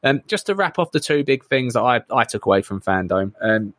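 A man co-hosting a casual film podcast, excited and sweary, rambling between points. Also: mid-range voice, a little fast, no echo, studio quality. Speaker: podcast co-host.

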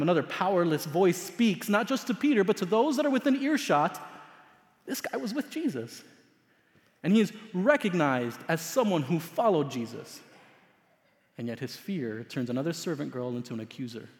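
A man preaching a sermon as pastor, telling a story dramatically, swinging between loud emphasis and hushed asides. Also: a little high, lively intonation, moderate pace. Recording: long hall reverb.

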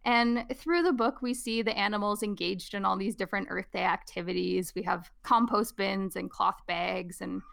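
A woman co-hosting a podcast, reading a picture book aloud and leading a casual discussion in an expressive way. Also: medium pitch, normal speed, gravelly, hardly any pauses. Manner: expressive, animated. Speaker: podcast co-host.

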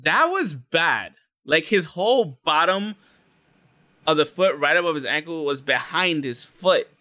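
Bright, crisp-sounding casual man. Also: on the high side, animated, measured pace, dry recording, clean studio sound. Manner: loose, profane, rambling with many fillers. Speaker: podcast co-host. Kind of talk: casual sports chat.

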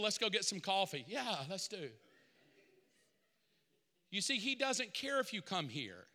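A man preaching a sermon as pastor in a church, building from quiet asides to loud preaching. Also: high voice, in a large hall. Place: church sanctuary.

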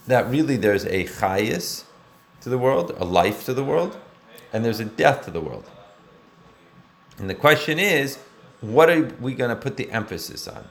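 A man's voice: fairly low pitch, gravelly, a bit bright. Man teaching a Torah class. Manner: explanatory, mixes Hebrew terms into English, asks rhetorical questions. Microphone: recorded for an online class.

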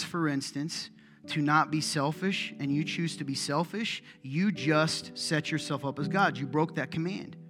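Male pastor, middle-aged, chatty joking sermon, mid-pitched voice, roomy church reverb. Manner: conversational, joking, animated preaching. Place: church sanctuary. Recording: echoey hall, soft guitar behind.

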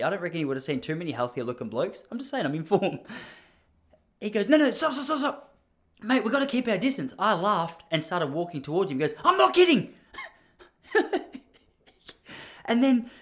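Aussie bloke ranting about his day, pitch all over the place, mock outraged. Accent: Australian. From Australia. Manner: animated, mock-indignant, jumps up high when acting out others. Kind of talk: casual storytelling monologue.

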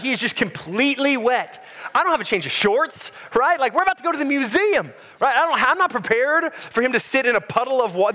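A man, preaching a sermon as a pastor and telling a story in a conversational, animated way. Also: extremely high pitch.

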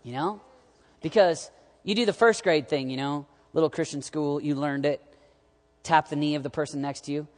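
A man preaching a sermon to young adults, animated and jokey, swinging from loud urging to quiet asides. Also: on the high side, fairly quick. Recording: long hall reverb.

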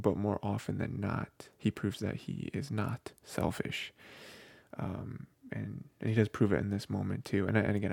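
Gravelly low-voiced man, rambling casually. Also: a little mellow, no echo. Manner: rambling, filler-heavy, with many "you know" and "like". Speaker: book podcast co-host. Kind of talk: casual book discussion.

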